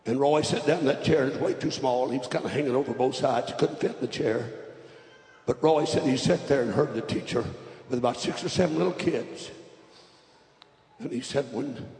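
A man from Georgia, preaching a storytelling sermon that swings from hushed to loud. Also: mid-range voice, a little fast. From Georgia, USA. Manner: dramatic, builds from hushed to loud. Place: large revival meeting hall. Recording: roomy hall with long reverb.

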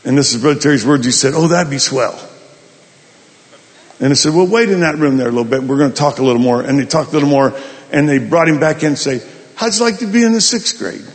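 A male pastor telling a folksy, animated story in a sermon. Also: mid-range voice, fast talker, long reverb tail. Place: large hall at a summit.

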